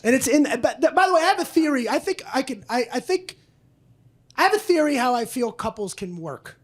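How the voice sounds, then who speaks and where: A man's voice: extremely high pitch, very animated, a little fast. A man doing a stand-up comedy routine on a club stage, brash and profane, often slipping into other people's voices.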